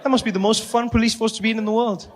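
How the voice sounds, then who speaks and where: A man with a South African accent doing stand-up, telling animated stories and acting out the people in them. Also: sits high, rapid-fire, a faint crowd, a little hiss or hum. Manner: animated storytelling with acted-out voices and laughter. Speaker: stand-up comedian. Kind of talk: stand-up comedy.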